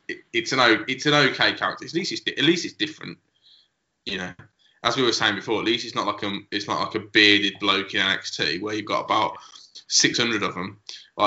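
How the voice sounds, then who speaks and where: Stammering man with a bright voice. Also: on the low side. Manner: stammering, repeats words, laid-back. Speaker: podcast co-host. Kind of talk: casual podcast chat. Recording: dull lo-fi sound in an echoey room.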